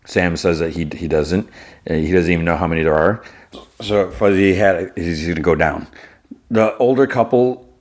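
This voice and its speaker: A man's voice: low voice, normal speed. A man hosting a podcast, casually recapping an episode and thinking aloud as he retells the scenes. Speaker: podcast host.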